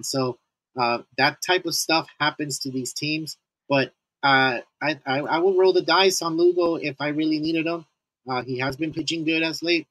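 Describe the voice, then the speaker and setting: A man co-hosts a casual fantasy baseball podcast, laughing often and restarting his sentences. His voice is fairly high and a bit bright, and the recording is dry but poor in quality.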